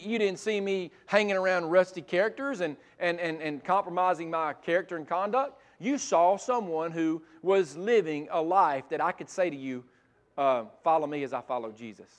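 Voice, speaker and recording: A middle-aged pastor preaches with a notably high-pitched voice. He climbs into loud, emphatic stretches and then drops to a soft, close delivery. He talks like a man speaking from the pulpit. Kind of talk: sermon.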